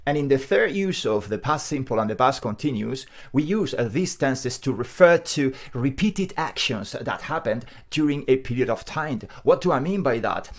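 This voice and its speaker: Animated male English teacher. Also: mid-range voice, moderate pace, hardly any pauses. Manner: animated, emphatic, repeats key phrases. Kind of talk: grammar lesson to camera.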